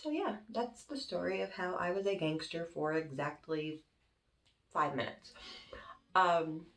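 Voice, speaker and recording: A woman's voice: on the low side, measured pace. Young woman telling a wild story. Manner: animated, dramatic retelling with swearing. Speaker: YouTuber. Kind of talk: casual storytime. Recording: roomy with faint music.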